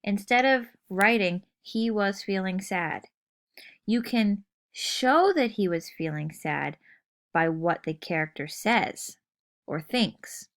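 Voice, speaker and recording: A woman teacher walks through a writing lesson at an unhurried, deliberate pace. Her voice sits at a middle pitch, and she explains each point patiently, often checking in with the listener before moving on. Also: lively intonation, fairly bright tone. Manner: patient, explains step by step, checks in with "okay?" and "right?".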